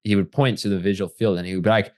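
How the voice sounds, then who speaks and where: A man's voice: fairly low pitch, fairly even intonation, fast, darkish tone, no room sound, studio quality. A man as the guest in a casual interview, talking reflectively and animatedly with many fillers.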